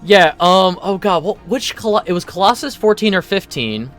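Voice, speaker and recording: A man giving casual let's play commentary, rambling excitably and swearing casually. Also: high voice, moderate pace, faint music behind. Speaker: gaming YouTuber.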